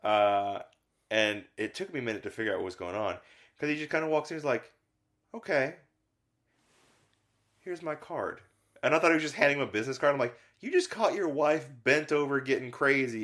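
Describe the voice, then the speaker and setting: A man with a lowish, somewhat bright voice co-hosts a casual film podcast where films get reviewed. He rambles through the chat, full of fillers and restarts.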